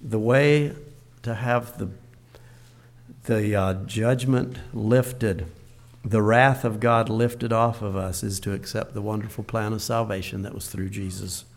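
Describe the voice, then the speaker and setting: A man's voice: fairly low pitch, fairly even intonation, measured pace, creaky. Older man preaching a folksy sermon. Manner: folksy, repeats phrases, swings between soft and loud.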